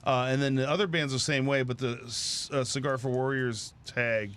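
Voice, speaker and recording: A man's voice: mid-range voice, steady tone, moderate pace, fairly bright tone, smooth. Eager man sharing a rambling fan anecdote. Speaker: podcast co-host. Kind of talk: casual podcast chat.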